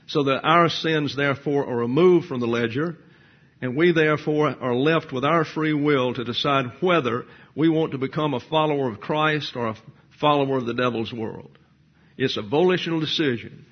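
A male preacher with a slightly husky voice works through scripture verse by verse. He poses rhetorical questions, then answers them in a didactic, matter-of-fact way, with the odd dry aside. The recording is dull and a bit lo-fi. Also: on the high side. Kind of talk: verse-by-verse sermon.

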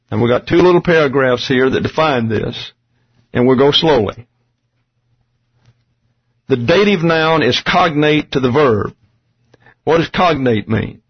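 A man's voice: a little high, husky. A man teaching a Bible study lesson on Greek grammar, explaining terms step by step with dry asides. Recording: dull lo-fi recording.

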